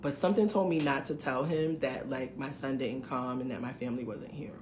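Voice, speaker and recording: Speaking extremely low, with a darkish tone and a slightly quick pace, this middle-aged woman animatedly shares a dating story with her viewers. She's a vlogger filming indoors at home, keeping it casual and emphatic. Faint hiss sits under a roomy room echo.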